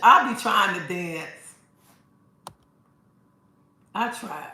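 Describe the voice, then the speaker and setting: A woman's voice: mid-range voice, lively intonation, drawn-out words, pushed and bright. A woman host chatting casually on a livestream, sassy and preachy, calling her viewers honey. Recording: echoey room, mic at a distance.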